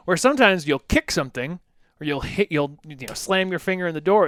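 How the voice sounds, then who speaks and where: A man coaching on a casual fitness podcast, pitched a bit high with a smooth, clear voice. He talks animatedly and acts out quotes. The sound is close and dry, with no room echo. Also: lively intonation, quick pace.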